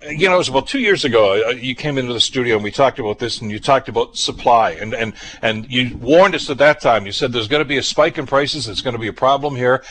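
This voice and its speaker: A man hosting a talk radio show, brisk and conversational, interviewing guests. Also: medium pitch, fairly bright tone, low-quality recording. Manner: brisk, conversational, frequent uh fillers.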